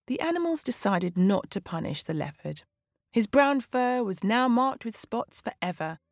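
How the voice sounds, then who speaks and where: A woman storyteller narrating a folk tale for children in an animated, dramatic way with sweeping rises in pitch. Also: normal speed, no room sound, clean studio sound.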